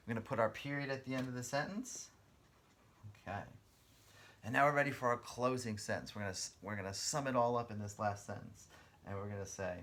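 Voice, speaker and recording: A man's voice: fairly low pitch, fairly quick, a bit bright. A man teaching a guided writing lesson to kindergarten children, spelling words out letter by letter and encouraging them in a friendly way.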